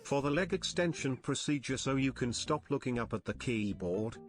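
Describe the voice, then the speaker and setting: Brief: mid-pitched male text-to-speech, flat machine read, faint music behind. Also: normal speed. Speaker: text-to-speech donation reader. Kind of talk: synthetic reading of chat messages.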